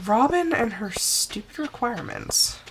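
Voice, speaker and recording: A woman's voice: on the high side, expressive, unhurried, a little hiss or hum. A woman streamer commenting live on her farming game, exasperated and talking herself through setbacks. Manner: exasperated, talks to herself, self-soothing.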